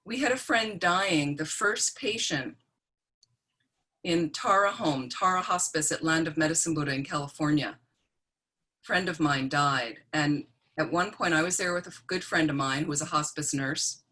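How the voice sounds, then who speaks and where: A woman with a low, deep-set voice gives a teaching talk. She speaks plainly and conversationally, pausing to check in with her listeners. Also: sharp tone. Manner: plain-spoken, checks in with "okay?". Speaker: Buddhist nun and teacher. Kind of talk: teaching talk on death and dying.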